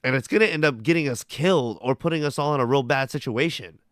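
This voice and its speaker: A man's voice: mid-range voice, fast, fairly bright tone, no echo, studio quality. A male host giving profane, mocking commentary on news clips, talking bluntly and swearing freely. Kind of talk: profane, heated political commentary.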